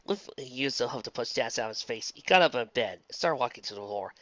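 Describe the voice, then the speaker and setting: A woman reading a fan story aloud with a low but very animated voice. Her tone is bright and crisp. The recording is dry and a touch dull, like a home mic. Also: quick pace, few pauses, no room sound. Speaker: fan fiction reader. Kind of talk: storybook narration.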